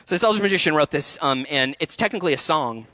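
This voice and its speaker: A man in his thirties speaks to an audience of actors with fired-up, animated energy. His voice sits a little high for a man. The sound is dry and close, with no room echo. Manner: passionate, animated, quick bursts with laughs. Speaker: acting coach speaking at a festival session. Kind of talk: energetic workshop talk. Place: event hall before an audience.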